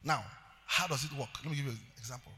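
A male pastor preaching a sermon, calling out to the congregation and building up to loud shouted declarations. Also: mid-range voice, fast, big-room sound. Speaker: pastor, evangelist.

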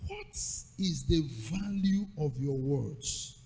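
A man's voice: a little high, expressive, slow, mellow, slightly rough, in a large hall. A man preaching a sermon with rhythmic call-and-response repetition and emphatic delivery.

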